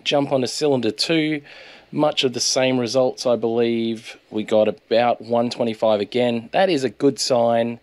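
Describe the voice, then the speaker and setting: A man's voice: mid-range voice, fairly even intonation, moderate pace, hardly any pauses, dry recording. A man with an Australian accent, hosting his channel and narrating casually over his footage in a laid-back, chatty way. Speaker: channel host.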